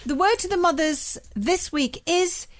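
Bouncy high-voiced woman host. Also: expressive. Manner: reads listener mail, teasing and quick. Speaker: radio show host. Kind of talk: casual comedy chat.

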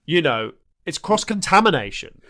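A man's voice: a little high, sing-song, normal speed, a bit bright. A young man co-hosting a podcast, teasing his friend with dry humour. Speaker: podcast co-host. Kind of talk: casual banter.

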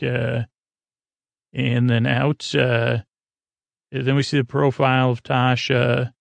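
A man's voice: mid-range voice, gravelly, no room sound. Man, podcast host, casual bedtime-story retelling, rambling and hesitant, dry close sound. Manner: rambling, loose, with many hesitations.

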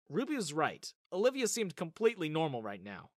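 A woman storyteller narrating a story in the first person as a young man, in an animated manner. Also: deep voice, brisk, few pauses, no room sound, clean studio sound.

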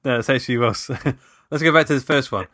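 A podcast co-host with a medium-pitched, slightly bright voice speaks at normal speed. In casual chat, he runs a playful movie-quote quiz and laughs often.

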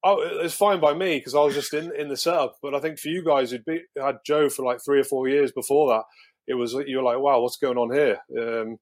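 A man's voice: mid-range voice, fairly even intonation, brisk. A man in his thirties, a guest telling a rambling story, repeating himself and laughing at his own anecdotes. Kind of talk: casual storytelling.

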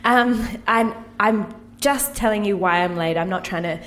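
A woman's voice: mid-range voice, moderate pace, fairly bright tone. A woman in an improv sketch who speaks hesitantly and apologetically, with lots of ums. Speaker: performer in a sketch.

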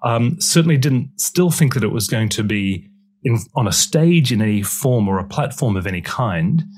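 A man from Australia, an author and broadcaster, talking about his life in a relaxed interview with self-deprecating humor. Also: mid-range voice, normal speed, slightly rough.

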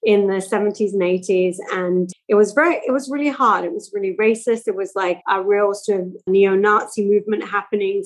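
A woman, telling stories as a podcast guest in a lively, chatty way. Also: medium pitch, poor audio. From England. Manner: animated, chatty storytelling. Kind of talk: podcast interview.

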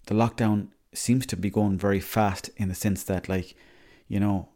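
A young Irish man talks through his week on a solo podcast, wandering from story to story and cursing freely. His voice sits a little low and comes across mellow and soft-edged. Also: steady tone, normal speed. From Ireland. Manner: rambling, chatty, swears freely. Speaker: podcast host. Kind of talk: casual solo podcast monologue.

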